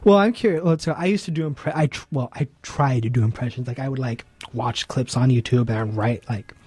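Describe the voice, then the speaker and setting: A young man hosting a radio interview, talking in a relaxed, rambling way and often murmuring agreement. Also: mid-range voice, a little fast, breathy edge, dry recording. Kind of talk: casual interview chat.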